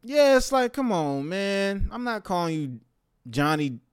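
Slangy animated young man, smooth voice. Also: sits high, a little slow. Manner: slangy, profane, animated rants. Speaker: podcast host. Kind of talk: casual monologue.

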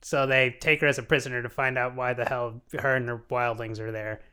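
A man's voice: mid-range voice, flat delivery, pushed and bright, smooth. A young man co-hosting a casual comedy podcast, rambling through a plot recap with frequent giggles. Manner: rambling, giggly, slips into quick voices for characters. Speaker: podcast co-host recapping a show.

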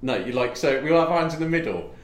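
A man's voice: fairly high pitch, expressive, quick pace. A young man co-hosting a podcast in casual chat, rambling, giggling and swearing freely. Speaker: podcast co-host. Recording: echoey room.

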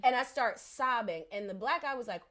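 Woman host, lively storyteller, slightly high voice, swinging pitch. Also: fairly quick. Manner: animated, acts out voices in her story. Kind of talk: casual storytelling chat.

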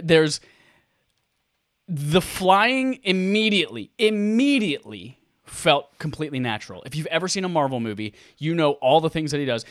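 A man co-hosting a casual gaming podcast, excitable, swearing freely and acting out his own reactions. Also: on the high side, no echo, studio quality. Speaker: podcast co-host.

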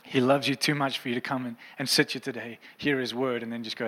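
A man's voice: mid-range voice, steady tone, a little fast, hardly any pauses, sharp tone, long reverb tail, poor audio. A man preaching a sermon as a pastor, earnest and impassioned, in a church auditorium.

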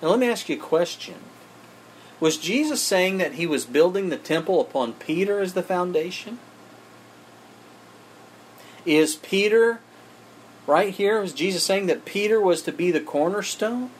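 A man's voice: high-pitched, animated, a little slow, long pauses, a little hiss or hum. A man preaching a sermon, speaking emphatically and addressing his listeners as friends.

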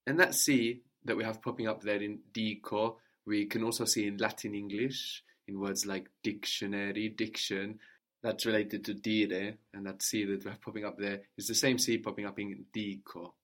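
A man's voice: fairly low pitch, level tone, moderate pace, fairly bright tone. A man teaching a language lesson, patiently prompting his student and repeating each answer.

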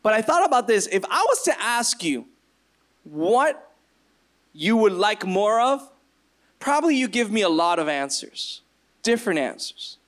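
A man preaching a sermon, retelling scripture and acting out quoted voices with sudden jumps in pitch. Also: very animated, unhurried, pauses often, fairly bright tone. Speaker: pastor.

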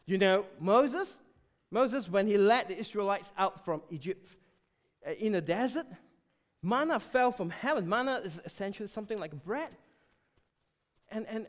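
A man preaching a sermon, emphatic and animated, often dropping suddenly to a quiet voice. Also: high voice.

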